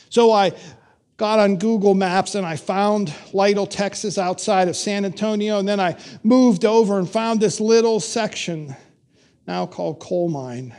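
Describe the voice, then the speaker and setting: High-voiced older male pastor telling a story. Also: a little mellow. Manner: slow, measured storytelling with dramatic pauses. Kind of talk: sermon storytelling.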